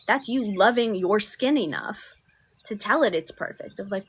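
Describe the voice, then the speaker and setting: A woman coaching viewers on manifestation in a soft, affectionate live-stream talk, often sinking to near-whispers. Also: mid-range voice, expressive, normal speed, breathy edge. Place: outdoors.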